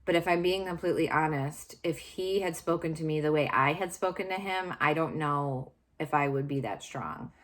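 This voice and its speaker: Low-voiced woman telling her story candidly. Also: normal speed, hardly any pauses, a bit bright. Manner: confessional, searching, frequent fillers and restarts. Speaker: vlogger sharing personal story.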